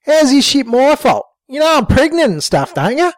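A man's voice: very high-pitched, big pitch swings, normal speed, dry recording, voice pushed up. A man voicing a brash, foul-mouthed young woman who whines and protests. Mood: indignant. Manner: whiny and indignant, heavy swearing.

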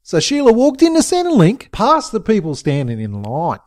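A man narrating a comic story in a profane, expressive way. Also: high voice, normal speed, hardly any pauses.

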